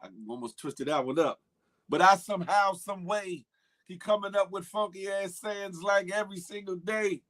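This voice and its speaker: Hosting a morning live stream at a moderate pace, a man talks in a high, fairly bright voice. He keeps things casual and slangy, welcoming viewers by name and bantering about internet gossip.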